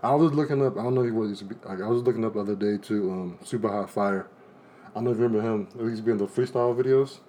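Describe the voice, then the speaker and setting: A man's voice: fairly low pitch, racing, background noise. A young man from D.C., hosting a podcast in casual chat and laughing often. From Washington, D.C. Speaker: podcast host.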